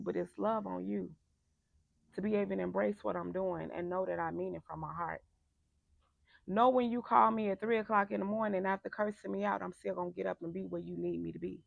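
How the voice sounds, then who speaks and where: A woman life coach giving a passionate motivational talk, emphatic and turning loud and animated when making a point. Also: medium pitch, creaky, no room sound.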